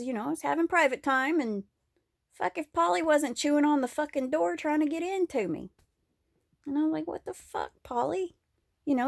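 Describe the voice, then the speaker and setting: At home, a woman vlogs in a casual rambling monologue, candid and crude, laughing often. Her voice is high with vocal fry, recorded in studio quality with no echo.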